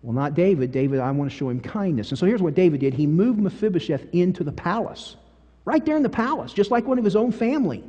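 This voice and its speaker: Preacher guy, pretty high voice, big echo in the church. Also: quick pace, muffled recording. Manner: emphatic, animated storytelling with big swings in volume. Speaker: pastor. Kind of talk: sermon. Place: church sanctuary. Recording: long church-hall reverb.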